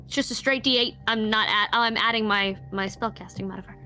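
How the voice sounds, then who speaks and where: Bright-voiced excited woman player. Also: mid-range voice, fast talker, soft background music. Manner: excited, swearing. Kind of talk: casual game chat.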